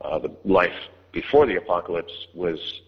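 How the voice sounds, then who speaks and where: A man's voice: low-pitched, expressive, normal speed, slightly rough. A man, an audiobook narrator, answering interview questions in a hesitant way, with many fillers and restarts. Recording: dull line with long reverb.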